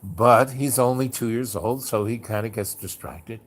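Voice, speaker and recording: A man's voice: mid-range voice, steady tone, moderate pace. A man hosting, telling stories in a rambling casual way, full of "you know" and "like", who slips into a theatrical voice for quotes. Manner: acts out quotes in a raised theatrical voice. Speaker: host. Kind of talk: casual storytelling monologue.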